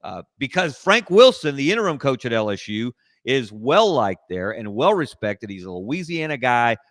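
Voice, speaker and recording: A man speaking as a guest in a casual sports talk discussion, laying out his points in measured, analytical lists. His voice sits at an ordinary middle pitch. The call sound is dry and close, with no room echo. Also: very animated, fairly bright tone.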